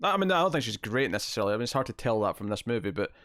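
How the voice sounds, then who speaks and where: A man hosts a live stream and riffs on a film as it plays, joking and chuckling between remarks. His pitch sits in the middle of the male range but swings widely as he talks. The sound is close and dry, with no room around him. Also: very animated, very fast, fairly bright tone, no room sound. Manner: chatty, jokey, often laughing. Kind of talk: casual movie-watching commentary.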